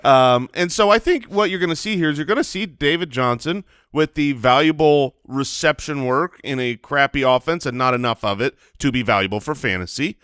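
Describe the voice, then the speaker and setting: Bright-voiced man in casual sports banter. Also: medium pitch, fairly quick, hardly any pauses, clean tone, no room sound, studio quality. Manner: joking, animated banter. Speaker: podcast co-host.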